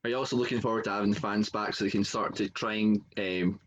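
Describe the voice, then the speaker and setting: Lower-voiced podcast host, dull sound. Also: male voice, steady tone, fast. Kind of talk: interview questions.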